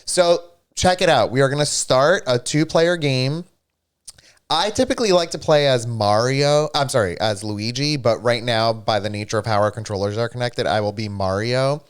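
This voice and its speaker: A young man co-hosting a casual gaming livestream, animated and playfully argumentative. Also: mid-range voice, moderate pace, clean tone. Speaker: livestream co-host. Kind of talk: casual gaming stream chat.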